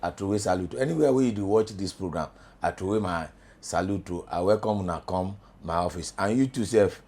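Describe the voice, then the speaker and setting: A middle-aged man with a Nigerian accent, a journalism lecturer talking as a studio guest in pidgin, animated and emphatic. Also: deep voice, fast talker, husky. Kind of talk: studio talk show in pidgin.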